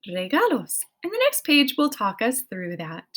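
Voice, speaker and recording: A woman's voice: on the high side, huge pitch swings, normal speed, a bit bright. A woman in her thirties teaching a children's language lesson, cheerfully prompting listeners to repeat after her. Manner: encouraging, sing-song prompts to repeat. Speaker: Spanish teacher.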